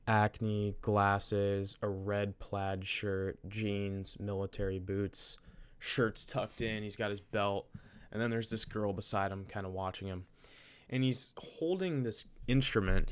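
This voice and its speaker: A man's voice: fairly low pitch, clean tone. A young man casually telling a story from his college day, rambling, restarting his sentences and using slang. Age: young adult. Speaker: vlogger.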